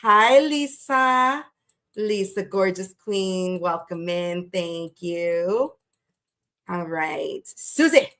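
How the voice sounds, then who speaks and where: A woman with a mid-range, slightly bright voice hosts a live tarot reading. She chats casually with viewers, greets them by name, and swears freely.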